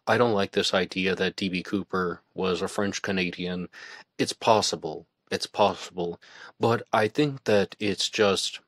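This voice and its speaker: A man's voice: low-pitched, a bit bright, no room sound, clean studio sound. A man hosting a solo podcast, musing aloud in a casual, conversational way with some hesitations. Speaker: podcast host.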